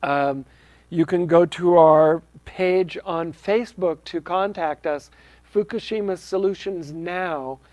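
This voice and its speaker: Seorang pria memandu acara TV komunitas lokal, berbicara santai tanpa naskah, dengan nada sungguh-sungguh dan banyak "um" serta ulangan kata. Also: male voice, sits high, slow pace, a little mellow, no room sound. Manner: earnest, with frequent ums and restarts. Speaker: host of a local access TV show. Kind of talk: casual unscripted talk to camera.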